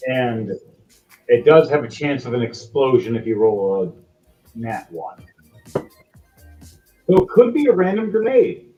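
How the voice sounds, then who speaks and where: A man running a tabletop game as game master, narrating in a loose, casual way at a middling pitch. The sound is slightly dull, with faint music underneath. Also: big pitch swings, slow, long pauses, warm tone.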